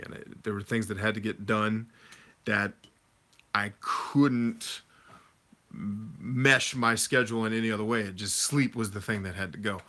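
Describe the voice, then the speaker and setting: A man in his thirties talks through a casual livestream, reading viewer comments and answering them in an easygoing, conversational way. His voice sits a little low but has a bright, forceful edge. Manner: conversational, reads chat comments aloud and answers. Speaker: livestream host answering chat.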